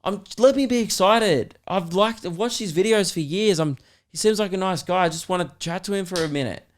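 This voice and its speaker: A man's voice: high-pitched, normal speed, a little hiss or hum, pitched above the performer's own voice, lightly acted. A man putting on an exasperated young man pleading with his girlfriend.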